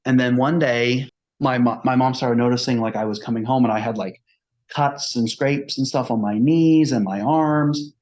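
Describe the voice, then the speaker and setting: A man's voice: mid-range voice, moderate pace, darkish tone. Earnest man sharing his own experience to camera; casual, heartfelt delivery on a muffled lo-fi track. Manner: earnest, conversational, acting out quoted dialogue. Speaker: autistic self-advocate. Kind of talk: personal storytelling to camera. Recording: dull lo-fi recording.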